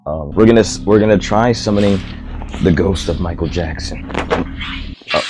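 A man's voice: low-pitched, moderate pace, a little mellow, faint music behind. A young man hosting his own comedy vlog, rambling goofily and talking to himself. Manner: goofy, rambling self-talk. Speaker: host.

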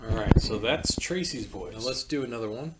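A man's voice: medium pitch, lively intonation, fairly quick, heavy background noise. A man hosting a casual product demo, thinking aloud in an easygoing way as he clicks through a robot's settings. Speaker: host demonstrating a home robot.

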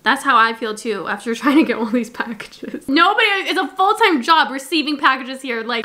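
Bubbly high-voiced young woman vlogging. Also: expressive, normal speed, few pauses, sharp tone. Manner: bubbly, gushing, swears casually. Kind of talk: casual travel vlog. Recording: crowd chatter and noise behind.

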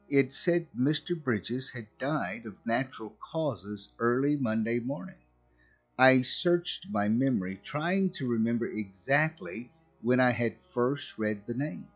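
A man narrating a scripted horror story in a slow, measured way. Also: mid-range voice. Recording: muffled recording with faint music.

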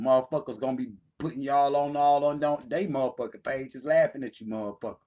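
Here a channel host with a medium-pitched voice speaks briskly, leaving few pauses. It's a profane callout video: he rants hotly, mocks, and curses without restraint.

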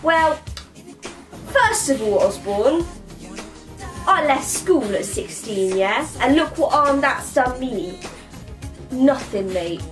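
A woman's voice: high voice, animated, slow pace, pauses often, faint music behind. A woman doing a rambling comic monologue full of slang, ending lines with 'mate' and 'yeah?'. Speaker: vlogger playing a comic persona.

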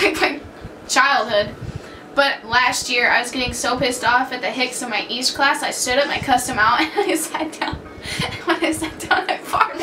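A woman's voice: high-pitched, background noise. A young woman telling brash, swear-filled stories in a casual chat, laughing as she goes. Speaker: co-host of a couple's vlog. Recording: echoey room from far off.

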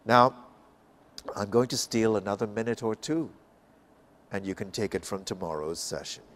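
A man from Canada giving an expository Bible talk, slow and emphatic, rising and falling for effect. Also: lowish voice, a bit bright, a little hiss or hum. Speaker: Bible class speaker.

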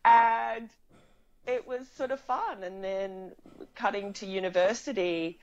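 A woman's voice: medium pitch, slow, darkish tone, highs cut off. A woman, a film writer and director, talking casually as an interview guest, chatty and laughing often with frequent restarts.

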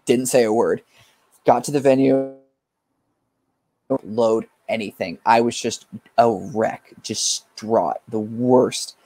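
A man's voice: mid-range voice, steady tone, takes it slowly, pauses often, a little mellow. A young man from California, a guest musician, telling a rambling story in a casual chat with fillers and swearing.

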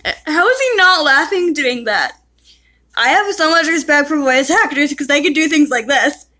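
A woman's voice: high voice, expressive, normal speed, bright, forceful tone. A woman casually commenting on a game she is playing, giggling and breaking into helpless laughter, and talking to the characters and her cat. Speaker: gaming YouTuber.

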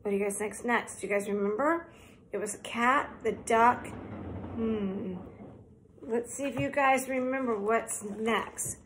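A woman's voice: a little high, a little slow, a little hiss or hum. A woman reading a picture book aloud to children, chatting friendly and asking her young listeners questions, sometimes in a whisper. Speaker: children's storytime reader.

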